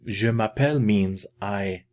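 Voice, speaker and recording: Guy teaching beginner french, slow and patient, says words over and over. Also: lowish voice, darkish tone. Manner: patient, repeats words slowly to model pronunciation. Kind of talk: casual video language lesson.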